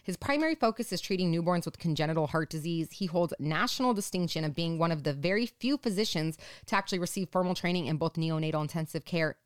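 A young adult woman co-hosting a podcast, chatting bluntly and jokingly with animated storytelling. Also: on the low side, fast, few pauses, smooth, dry recording, clean studio sound. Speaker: podcast co-host. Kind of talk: casual chat.

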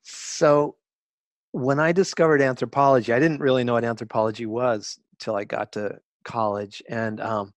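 A man in his sixties, a guest writer telling stories in an interview, reflective and halting, with frequent restarts. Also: mid-range voice, fairly even intonation, no echo. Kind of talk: interview conversation.

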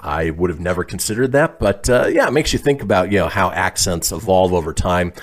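A man's voice: low voice, a little fast. A man hosting a casual comedy radio show, reading listener posts aloud and chuckling often. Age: adult, calls himself officially old.

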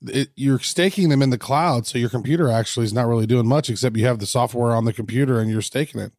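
A man's voice: medium pitch, fast talker, a little mellow, no room sound, clean studio sound. A man co-hosting a podcast, joking and bantering in casual chat, a little tired. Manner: jokey, rhyming banter, a bit tired. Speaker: podcast co-host.

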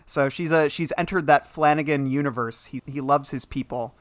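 A man co-hosting a casual podcast about a film, animated and quick to laugh. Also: a little high, no room sound. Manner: animated, laughs often, mimics the actors he discusses. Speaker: podcast co-host.

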